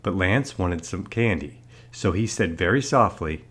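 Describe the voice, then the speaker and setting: Low, expressive male storyteller. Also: unhurried, breathy edge. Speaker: narrator. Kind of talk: children's read-aloud.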